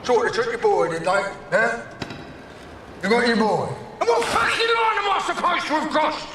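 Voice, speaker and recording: An actor playing a volatile, foul-mouthed middle-aged gangster who rambles and breaks into sudden shouts. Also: male voice, extremely high pitch, expressive, normal speed, heavily acted. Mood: ranting. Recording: echoey film scene with ambient noise.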